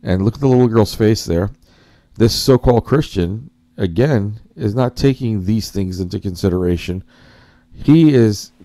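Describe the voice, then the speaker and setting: A man with a low, warm, mellow voice hosts a casual reaction commentary. He rambles and talks straight to his viewers, often calling them guys as he searches for words and corrects himself along the way. The sound is dry and close, with no room echo. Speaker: commentary host.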